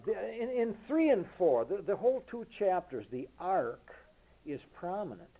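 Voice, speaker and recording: Slow preacher guy, lively rise and fall in his voice, booms then drops low, reads scripture real deliberate. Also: poor audio. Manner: emphatic, swinging from loud declarations to low murmurs; reads King James scripture slowly and deliberately. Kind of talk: sermon.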